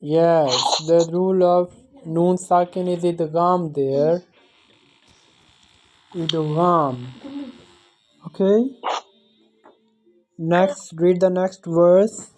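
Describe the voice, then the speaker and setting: A woman's voice: lowish voice, steady tone, very slow, pauses often, a little mellow, rough recording. A woman teaching Quran recitation, patiently correcting and explaining pronunciation rules. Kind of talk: online tajweed lesson.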